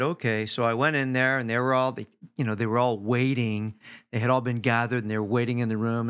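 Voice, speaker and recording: A middle-aged man, a hypnotherapist hosting his own podcast, telling a story in a mellow, calm, conversational way with frequent fillers. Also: medium pitch. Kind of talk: casual storytelling monologue.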